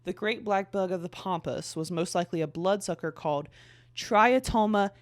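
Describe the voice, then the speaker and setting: A young adult podcast host reads long passages aloud in a casual way, tripping over words and starting sentences again. The voice sits at a middling pitch. It is recorded close and dry, with no room echo. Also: normal speed. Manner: reads passages aloud with stumbles and restarts, filler "like" between.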